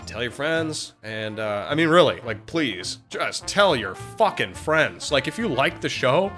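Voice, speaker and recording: A man co-hosting a casual podcast, a little sick and hoarse, rambling and laughing as he talks. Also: on the high side, very animated, unhurried, pushed and bright, soft background music. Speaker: podcast co-host.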